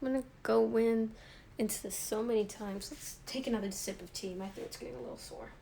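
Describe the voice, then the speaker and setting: A woman's voice: on the high side, a little fast, creaky, background noise. A young woman chatting idly to a live stream while she paints from a phone, rambling and joking at herself. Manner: rambling, self-mocking, talks to herself.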